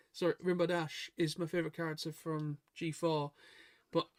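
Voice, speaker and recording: A man's voice: on the high side, level tone, moderate pace, no room sound. A man co-hosting a casual chat stream, rambling and chatty, stumbling over and repeating his words. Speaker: stream co-host.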